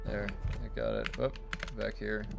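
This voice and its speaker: A man's voice: on the low side, level tone, measured pace, creaky, music in the background. A man from the United States streaming a game and chatting casually with viewers, rambling with many fillers and restarts.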